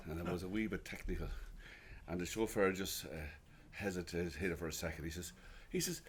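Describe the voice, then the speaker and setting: A man's voice: sits low, steady tone, moderate pace, a little hiss or hum. An Irish fiddler from County Louth telling a story between tunes at a house concert, chatty and teasing, repeating his words as he goes. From Ireland. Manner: chatty, teasing, restarts phrases with a laugh in his voice. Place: living room at a house concert.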